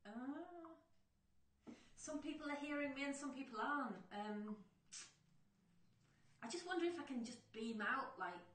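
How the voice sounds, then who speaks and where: A woman's voice: sits high, animated, measured pace, pauses often. A woman presenting a craft live stream, chatty and apologetic, laughing often as she greets viewers. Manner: loud by nature. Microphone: faulty livestream microphone. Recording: roomy, distant microphone.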